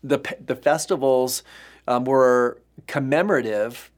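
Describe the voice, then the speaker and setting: A man's voice: medium pitch, a little slow. A male pastor giving an earnest, emphatic sermon teaching, with frequent fillers and restarts.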